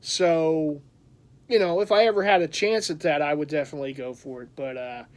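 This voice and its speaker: A man's voice: a little high, steady tone, a little fast. A man chatting casually in a vlog, telling a rambling story with frequent laughs and restarts. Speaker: collector vlogger.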